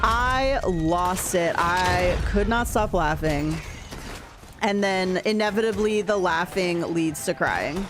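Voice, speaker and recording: A game streamer chats casually with her viewers as she plays, laughing often while reading and answering chat. Her voice is on the low side and measured in pace, with music in the background.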